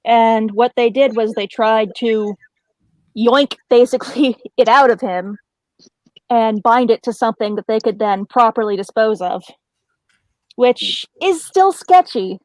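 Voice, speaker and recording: A woman casually telling a paranormal story to friends, animated and laughing often as she talks. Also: a little high, unhurried, dry recording, poor audio. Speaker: paranormal storyteller on a group call.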